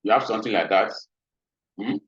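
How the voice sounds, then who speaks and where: A low-voiced man talks through a trading lesson, repeating phrases and checking in with a questioning "hmm?". His tone is bright and slightly husky. The recording is dry and a bit dull. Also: fairly quick, no room sound. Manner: repetitive, checks in with frequent "hmm?". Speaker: trading instructor. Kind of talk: screen-share trading lesson.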